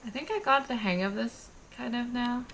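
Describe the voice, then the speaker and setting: A young woman casually commenting while playing a game, playful and excitable, swearing now and then. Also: fairly high pitch, normal speed, slight background noise. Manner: playful, swears, squeals at cute things. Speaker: streamer. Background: game music.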